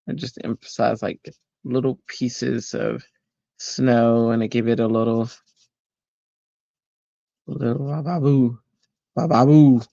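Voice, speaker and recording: A man hosting a card-making livestream from home chats casually while he works, greeting viewers and rambling with plenty of fillers. His mid-range voice is gravelly and warm, a little slow with little pitch movement, and the audio is dull with no room sound.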